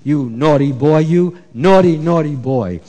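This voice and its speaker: A man's voice: fairly high pitch, a little slow, dark tone, close to an everyday voice. Mother Yashoda, as a man puts her on, chiding in an echoey hall. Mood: scolding. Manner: incredulous, chiding exclamations. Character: exasperated, scolding cowherd mother.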